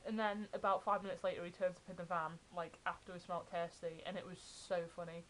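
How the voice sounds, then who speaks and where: A young adult woman, excitedly telling fan stories in a casual vlog. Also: fairly low pitch, fairly quick, slight background noise, poor audio. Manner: chatty, excited retelling of fan anecdotes. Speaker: vlogger.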